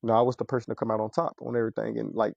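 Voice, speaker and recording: Fast-talking Mississippi man, mellow voice. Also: mid-range voice, level tone, vocal fry, no room sound. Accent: Mississippi Southern US. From Mississippi, USA. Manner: rapid, rambling, repeats words. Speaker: podcast guest, military veteran. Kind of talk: casual podcast chat. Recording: dull, dry podcast audio.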